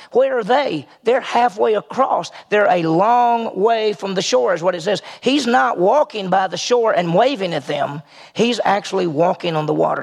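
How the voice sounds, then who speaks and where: Gravelly, husky male preacher. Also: high voice. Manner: conversational preaching, rhetorical questions, emphatic rises. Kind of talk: sermon.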